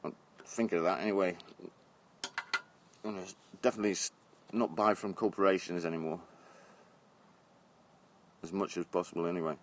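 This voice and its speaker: Middle-aged English bloke, low voice, live-streaming from the garden on his phone, rambling, blunt, laughs a lot. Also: fairly even intonation, brisk, pauses often, slight background noise. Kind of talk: casual live-stream chat. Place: outdoors in a garden. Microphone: phone held at arm's length.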